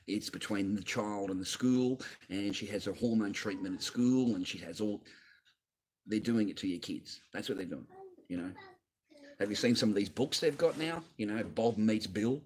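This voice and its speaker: Low-voiced man ranting angrily. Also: moderate pace, a little mellow, husky. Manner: angry, profane, rambling rant. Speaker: channel host. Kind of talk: livestream rant.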